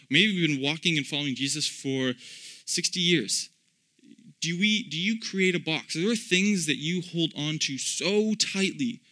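A man's voice: a little high, pushed and bright. A man preaching an informal sermon in an earnest, conversational way, with frequent ums and restarts.

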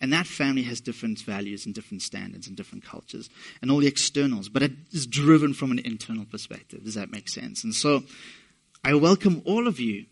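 A man's voice: mid-range voice, expressive, brisk, vocal fry. A middle-aged man from England preaching a sermon, talking conversationally with asides to the congregation. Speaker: pastor.

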